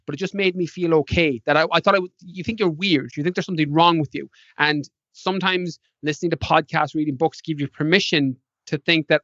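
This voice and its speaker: A man's voice: a little high, quick pace, hardly any pauses, fairly bright tone, no room sound, muffled recording. A man who is a mindset coach and a podcast guest, talking casually and energetically, with many restarts, and acting out his clients. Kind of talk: casual conversation.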